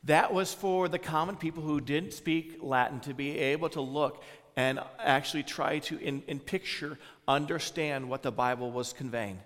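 A man's voice: fairly high pitch, fairly even intonation, normal speed, fairly bright tone, in a large hall. A man with a Southern US accent giving an informal sermon, talking conversationally with many fillers and putting questions to the congregation. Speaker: pastor.

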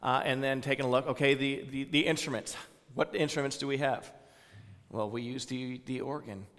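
A man's voice: mid-range voice, steady tone, moderate pace, a bit bright, long reverb tail. A man with a Southern US accent giving an informal sermon, talking conversationally with many fillers and putting questions to the congregation. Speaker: pastor.

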